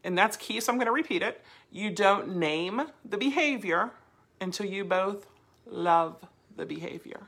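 A bright, gravelly-voiced woman leads a dog training lesson. She talks in a chatty, animated way and slips into playful voice demonstrations. Her tone is slightly husky. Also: mid-range voice, a little slow. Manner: lively, chatty teaching with playful voice demos.

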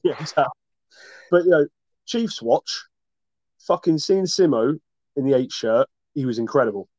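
A man's voice: on the high side, animated, moderate pace, a little mellow, no room sound. A man co-hosting a casual sports chat, talking with passion and swearing freely. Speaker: podcast co-host. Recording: dull lo-fi dry recording.

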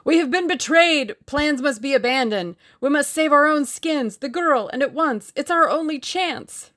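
A woman voicing a panicked man who has betrayed his gang, speaking in a frantic, shrill, urgent voice. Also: expressive, moderate pace. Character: panicked Russian man, a traitor in terror.

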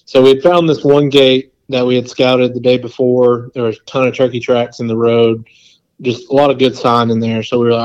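Male podcast guest, mid-pitched, casual storyteller who rambles with lots of fillers, slightly muffled audio. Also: brisk. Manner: rambling and animated, full of "like" and quoted asides.

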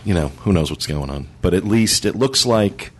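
A man's voice: sits low, lively intonation, moderate pace, slight background noise. A man hosting a casual podcast roundtable, running segments and laughing often with his co-hosts. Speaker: podcast host.

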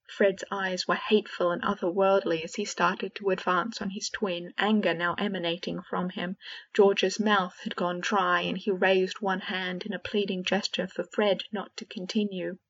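A woman narrating a fan fiction audiobook in a steady, measured way. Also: medium pitch, breathy edge. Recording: dull lo-fi recording.

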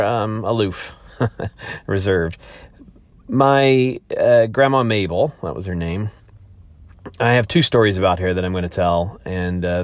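A man with a low, deep voice talks through his thoughts as a podcast host. He rambles and restarts often, circling his point. The sound is dry and close. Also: no echo. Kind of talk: casual monologue.

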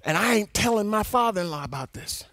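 A man preaching a sermon, telling a personal story in an animated way and at times breaking into shouts. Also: high voice, fast talker.

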